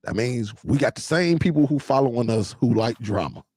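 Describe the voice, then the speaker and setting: A man's voice: medium pitch, lively intonation, brisk, mellow, husky. A man hosting a casual live-stream show, talking loosely to his viewers and laughing often.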